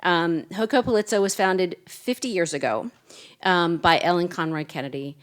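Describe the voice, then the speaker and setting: A woman's voice: lowish voice, normal speed. A woman who used to write for a newspaper gives casual, anecdotal remarks to a seated audience at a literary reading, speaking into a microphone. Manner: chatty, anecdotal, self-deprecating humor. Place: event room with a seated audience.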